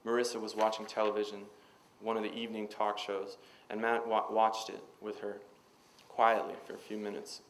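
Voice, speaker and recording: A man reading his own fiction aloud at a university reading, in a measured, even manner. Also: on the low side, gravelly, low-quality recording. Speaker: author.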